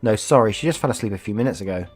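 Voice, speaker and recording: A man voicing a protective young father who speaks firmly and forcefully, with faint music behind. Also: on the low side, animated, racing, breathy edge.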